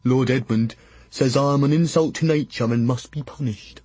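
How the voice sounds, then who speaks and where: A man voicing a huge, simple-minded and gentle male giant who talks in a childlike, excited way. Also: medium pitch, moderate pace, breathy edge, dry recording, close to an everyday voice. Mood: plaintive.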